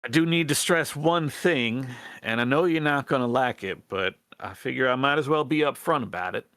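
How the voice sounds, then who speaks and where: A man's voice: medium pitch, normal speed, fairly bright tone, no room sound, clean studio sound, voice pushed up, lightly acted. A man voicing an earnest female rat rebel who pleads for allies, in a hesitant folksy drawl full of restarts. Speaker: game master. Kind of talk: in-character role-play in a tabletop game.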